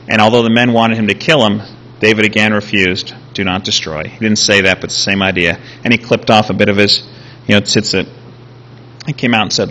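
A man preaching a sermon, retelling a scripture story with animated, acted-out quotes. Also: mid-range voice. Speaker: pastor.

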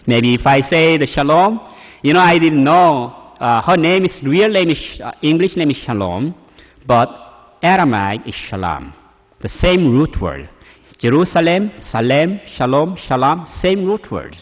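A man's voice: fairly high pitch, big pitch swings, moderate pace. A man from Korea with a Korean accent, preaching a personal testimony with emotion and many fillers. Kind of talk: testimony sermon. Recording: dull audio in a reverberant hall.

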